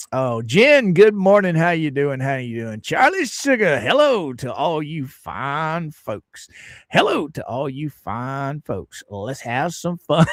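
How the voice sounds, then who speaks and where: A man's voice: a little high, dry recording, clean studio sound. A man hosting a casual livestream, laughing often and greeting viewers in the chat. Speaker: livestream host.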